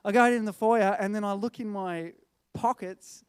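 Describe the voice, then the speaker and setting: Animated storytelling male preacher, dry sound. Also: high voice, moderate pace, clean tone, dry recording. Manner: animated storyteller, acts out quoted people. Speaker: guest speaker at church. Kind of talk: sermon storytelling.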